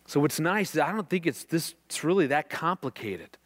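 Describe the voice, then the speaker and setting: A middle-aged man giving a faith-based teaching talk on marriage, an earnest and animated storyteller who repeats words when excited. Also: on the high side, normal speed. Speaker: marriage speaker.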